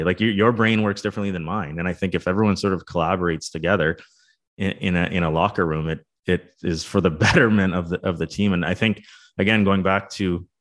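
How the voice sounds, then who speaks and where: A man co-hosting a casual hockey talk show, thinking aloud with many restarts and repeated words. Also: deep voice. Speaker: co-host, former pro hockey player and coach.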